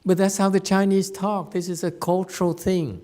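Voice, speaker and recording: A man's voice: high voice, flat delivery, moderate pace, dark tone. A man giving an informal Dharma lecture in a meditation hall, chatty and joking, laughing often and repeating words. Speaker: Buddhist teacher giving a Dharma talk.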